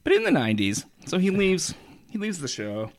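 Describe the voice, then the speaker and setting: A man co-hosting a podcast, telling stories loosely with a laugh and quick impressions. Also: high voice, huge pitch swings, vocal fry, no room sound. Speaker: podcast co-host. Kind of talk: casual chat. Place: Toronto area.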